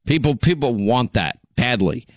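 A man's voice: mid-range voice, expressive, moderate pace, no room sound. A man hosting a radio talk show, speaking conversationally with many fillers and repeated words. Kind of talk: radio commentary.

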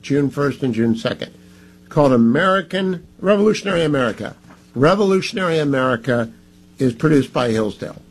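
Older man, radio talk host, slightly high voice, emphatic, repeats numbers and dates, live ad reads from the studio. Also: breathy edge.

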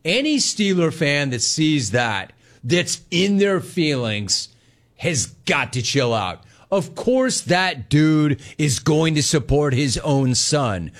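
Sarcastic higher-voiced sports host. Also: male voice, expressive, slow. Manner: sarcastic, mocking, laughs often. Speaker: sports talk show host. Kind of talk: sports talk commentary.

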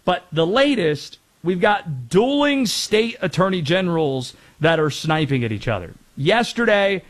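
A man's voice: high voice, very animated, unhurried. A man from North Carolina hosting a casual sports talk show, chatty with rambling asides. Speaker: sports radio host.

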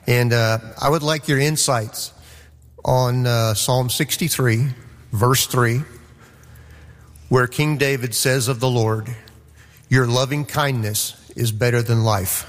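A man's voice: mid-range voice, fairly even intonation, slow. Hesitant man asking from the hall. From Florida. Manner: polite, hesitant, with fillers. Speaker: audience member asking a question.

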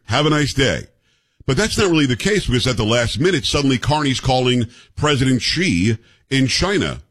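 A man hosting a talk radio show in a General American accent, animated, joking and opinionated. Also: mid-range voice, husky, no echo. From New York. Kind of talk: casual talk radio chat.

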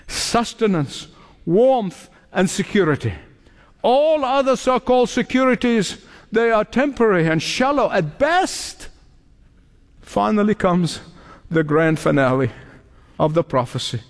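High-voiced man preaching in a reverberant hall. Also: very animated. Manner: preaching, emphatic repetitions, dramatic pauses. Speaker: pastor. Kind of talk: sermon. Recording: long reverb of a large hall.

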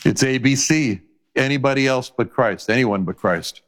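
A man delivering a sermon with emphatic, repetitive phrasing. He reads scripture in old-style wording and often rises into high, passionate pleas before settling back into a steady teaching voice. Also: moderate pace. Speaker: preacher.

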